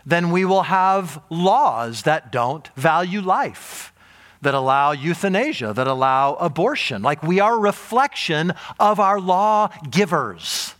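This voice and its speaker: A man preaching a sermon, emphatic and animated, with frequent repetition. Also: a little high, slow pace. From United States. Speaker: pastor.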